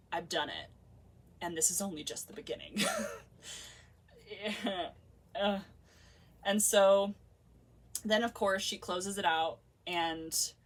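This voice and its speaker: A woman's voice: fairly low pitch, far from the mic. A woman vlogger telling a personal story in a casual, emotional, heartfelt way, full of filler words.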